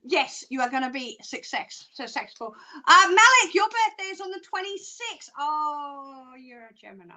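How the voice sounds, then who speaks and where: A woman psychic doing live card readings, chatty and excitable, laughing often. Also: high-pitched, measured pace. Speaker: psychic reader.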